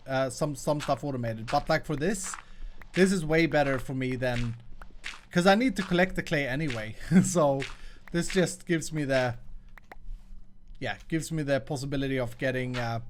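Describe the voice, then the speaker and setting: A man hosting his own show, chatting through gameplay in an upbeat way and laughing often. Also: fairly high pitch. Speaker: host. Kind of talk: casual gameplay commentary.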